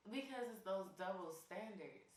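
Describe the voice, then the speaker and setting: A woman's voice: mid-range voice, animated, a little slow. A woman from Florida with a slight Southern accent, co-hosting a podcast in a blunt, crude, joking way. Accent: Florida Panhandle Southern. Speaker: podcast co-host. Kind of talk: casual podcast chat. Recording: echoey room, far from mic, faint hiss.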